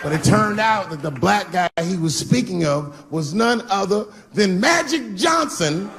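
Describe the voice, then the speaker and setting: A man in his fifties doing a stand-up routine on stage, swinging from loud bursts to low mutters. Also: moderate pace. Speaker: stand-up comedian. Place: stage before a live audience. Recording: live show with loud crowd noise. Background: audience laughter.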